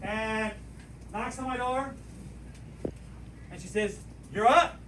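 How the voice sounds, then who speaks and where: A man in his late thirties, a teacher telling a personal story as a lesson, animated and rhythmic, acting out the dialogue. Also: high-pitched, takes it slowly, far from the mic, noisy background.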